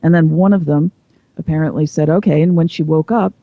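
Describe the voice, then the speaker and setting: A woman's voice: sits low, fairly even intonation, brisk, no echo, narrow, tinny audio. A woman speaking as an interview guest, explaining at length in a thoughtful, conversational way. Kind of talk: casual interview chat.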